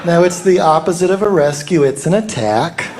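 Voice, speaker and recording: A male stand-up comic with a high voice works through a sarcastic routine in a mock-salesman patter. Loud background noise hangs over the live recording. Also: moderate pace, over a noisy crowd. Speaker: stand-up comedian. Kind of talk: stand-up set. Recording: noisy live club recording.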